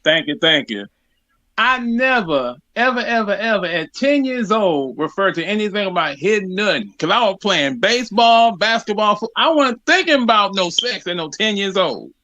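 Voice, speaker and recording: A man's voice: sits high, big pitch swings, normal speed, pushed and bright, dry recording. A man in his forties calling into a live show, talking casually and animatedly with laughs. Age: 40s. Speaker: caller. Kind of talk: casual chat.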